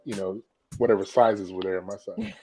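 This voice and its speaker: A man's voice: fairly low pitch, animated, fairly quick, darkish tone, breathy edge, soft background music, rough recording. A man from California co-hosting a live talk show, laid-back and repeating himself as he talks. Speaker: co-host. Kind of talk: casual live show chat.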